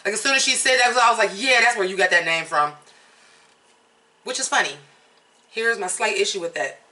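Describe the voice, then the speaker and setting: Casual American commentator, blunt and swearing, bright tone, slightly off-mic. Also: medium pitch, a little fast, recorded from a distance, poor audio. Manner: candid, chatty, blunt, swears freely. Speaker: vlogger reviewing a reality show.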